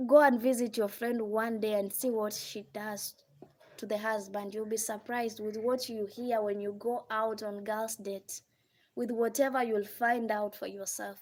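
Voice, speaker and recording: Woman, Kenyan accent, high voice, live-stream advice, scolding, rhetorical questions. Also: fairly even intonation, slow pace, a little mellow. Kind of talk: casual live-stream monologue.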